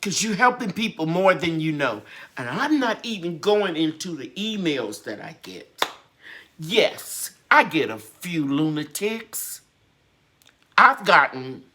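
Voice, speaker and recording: Woman, live-stream host, slow delivery, bright tone, grateful, encouraging. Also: sits low. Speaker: gardening channel host.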